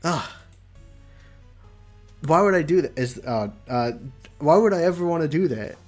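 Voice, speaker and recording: Brief: man voicing casual zombie girl, puzzled and offhand, game read-along, soft background music. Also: on the high side, expressive, moderate pace, pitched above the performer's own voice. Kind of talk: reading a visual novel aloud.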